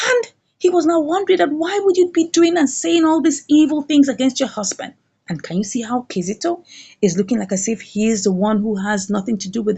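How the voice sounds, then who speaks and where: A woman's voice: high-pitched, gravelly, darkish tone. A woman reviewing a drama series, retelling the episode in a dramatic storytelling way and asking the listener rhetorical questions. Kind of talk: animated recap of a drama episode.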